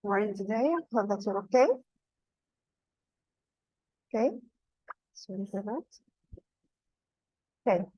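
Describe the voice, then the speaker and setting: A woman's voice: medium pitch, warm tone, no room sound. Teacher woman explaining patiently, lo-fi sound. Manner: patient, repeats key points, speaks slowly to explain terms. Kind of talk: classroom lesson. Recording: dull lo-fi sound.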